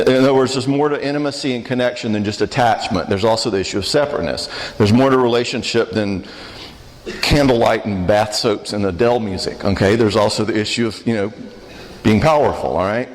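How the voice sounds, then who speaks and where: A man giving a church marriage conference talk, conversational and joking, often asking the audience questions. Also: medium pitch. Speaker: conference speaker. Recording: reverberant church hall.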